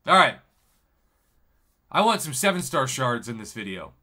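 A man's voice: mid-range voice, normal speed. A man streaming a mobile game, chatting casually, laughing and reading viewers' comments aloud. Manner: excitable, laughing, reads chat aloud. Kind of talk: casual live-stream gaming chat.

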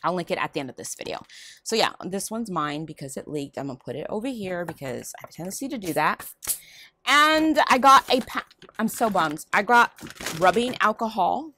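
A woman's voice: medium pitch, a little fast. A woman vlogger chatting casually about her shopping haul at home, rambling from one item to the next. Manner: rambling, chatty, lively ups and downs. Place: home room.

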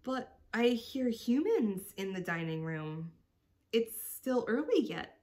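A woman voicing a tiny, timid female mouse who stammers in fear, pitched up. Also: very animated, slow, darkish tone. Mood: frightened. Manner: stammering, frightened.

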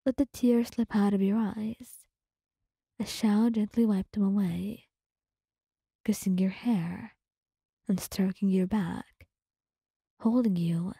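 A woman narrating a story in whispered role-play, addressing the listener in a soft, hushed voice close to the mic. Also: medium pitch, breathy edge, dry recording.

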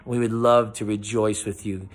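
A man, a pastor, gives a conversational devotional with frequent restarts and a gentle, softening delivery. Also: on the low side, little pitch movement, normal speed. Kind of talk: casual spoken devotional.

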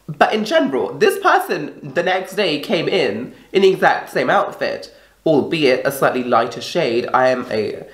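A young woman ranting casually to camera, exasperated and swearing often, her voice rough from being ill. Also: sits low, big pitch swings, normal speed. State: sounding ill. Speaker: vlogger. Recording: echoey room.

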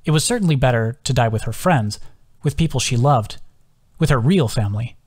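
A man, the author, reading his own novel aloud as an audiobook narrator, in an even, measured way with hushed quoted lines. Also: medium pitch, slightly rough.

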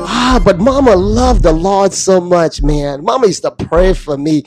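A middle-aged radio DJ and host from Anguilla speaks into a studio microphone at a mixing desk, his talk heartfelt, devotional and preachy, slipping into sing-song phrases. His voice is high and a little mellow, unhurried with hardly any pauses, over soft background music.

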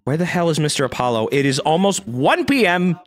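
A lively game streamer whose pitch swings widely as they joke and react. They read dialogue aloud and curse casually. Faint game music plays behind the voice. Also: fairly quick. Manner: lively, joking, reads game dialogue aloud, swears freely. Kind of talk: casual let's-play commentary.

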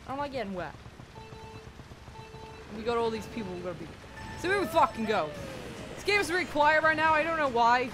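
A young woman commentating a racing game casually, swearing often and yelling at other racers. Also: high voice, animated, fairly quick, pauses often. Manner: swears a lot, yells and wails at the game. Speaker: gaming YouTuber. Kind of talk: casual let's-play commentary. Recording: game music behind the voice.

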